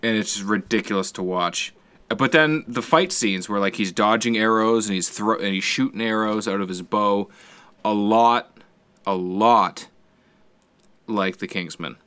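Man, lowish voice, loose profane storyteller, casual chat. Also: measured pace, clean tone. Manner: rambling, profane, animated storytelling with sound effects.

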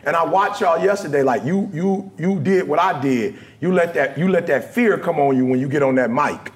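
A man giving a motivational talk to a live audience, animated and repeating "right?" and "you know what I'm saying" often. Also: a little high, moderate pace. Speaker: guest speaker.

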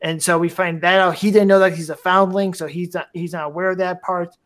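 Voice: mid-range voice, steady tone, brisk, fairly bright tone. A podcast host in casual fan chat, enthusiastic and rambling, often restarting phrases.

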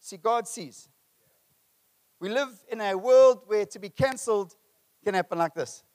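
A middle-aged male pastor preaching a sermon, passionate, building to emphatic peaks and then dropping low. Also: a little slow, darkish tone.

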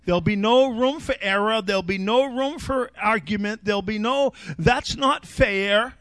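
A male pastor preaching an animated sermon that rises to shouts. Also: high voice, normal speed, clean tone, dry recording.

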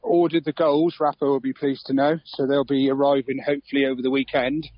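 A man's voice: mid-range voice, little pitch movement, a little fast, dry recording, highs cut off. An easygoing man chatting casually in an interview about his football club, with frequent fillers. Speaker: club secretary interviewed on local radio.

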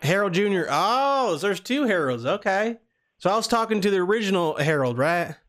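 A man's voice: high voice, animated, moderate pace, a bit bright, voice pushed up. A man putting on a Southern accent as a rambling, folksy family man in an improvised prank call. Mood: chatty, rambling. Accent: put-on American Southern. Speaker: prank caller.

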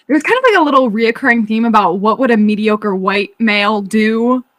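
Book club woman, high bright voice, dry close sound, giggly and casual. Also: brisk, no room sound. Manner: chatty, laughs often, lots of "like".

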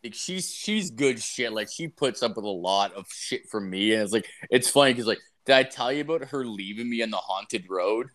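With a lowish, fairly bright voice and lively intonation, a young man from Canada tells crude stories at a moderate pace with few pauses. It's casual chat, rambling and profane, thick with fillers.

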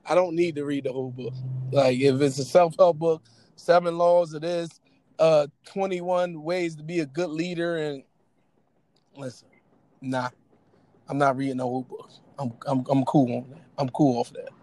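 A man co-hosts a casual podcast. He talks with animation, laughing and teasing as he goes. His voice sits fairly high and sounds dry and close. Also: normal speed, dry recording. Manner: animated, laughing, mocking impressions. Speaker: podcast co-host. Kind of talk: casual chat.

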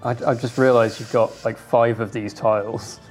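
A man playing a tabletop game, thinking aloud and getting excited about his moves. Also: medium pitch, normal speed, soft background music. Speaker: player. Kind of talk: casual tabletop play.

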